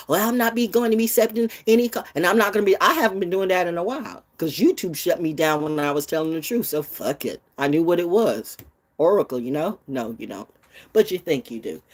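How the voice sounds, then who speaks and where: A woman in her sixties ranting bluntly and profanely in an unscripted vlog, jumping from low mutters to high outbursts and loud laughs. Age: 60s. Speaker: vlogger. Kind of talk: unscripted rant to camera.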